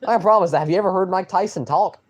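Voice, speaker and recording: A young man streaming live, rambling excitedly and with mild swearing as he reacts to a football game. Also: high-pitched, racing, highs cut off.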